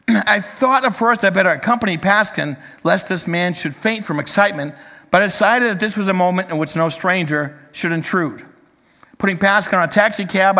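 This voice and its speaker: A man with a high-pitched voice delivers an earnest sermon, reading a story aloud in a measured, storytelling way. His words ring out with a long reverb, as if spoken in a large sanctuary. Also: bright, forceful tone. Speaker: preacher.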